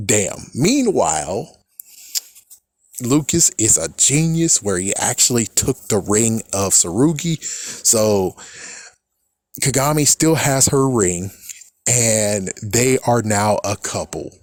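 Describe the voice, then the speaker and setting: A man recapping a cartoon episode in casual talk, swearing often, with exasperated loud outbursts and quick laughs. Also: on the low side, expressive, no echo. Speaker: reaction commentator.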